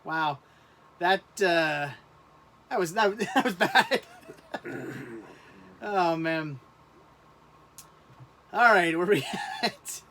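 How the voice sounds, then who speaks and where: High-voiced man rambling on a livestream. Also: bright, forceful tone. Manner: rambling, halting, laughs often. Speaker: livestream host. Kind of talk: casual livestream chat.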